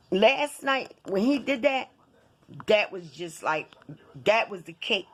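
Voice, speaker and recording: A woman at an ordinary middle pitch, chatting straight to her viewers in a loose storytime. She swears freely and circles back over the same phrases for emphasis. Her delivery stays animated and casual throughout. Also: takes it slowly. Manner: animated, profane, addresses viewers directly with lots of repetition. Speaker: vlogger telling a personal story.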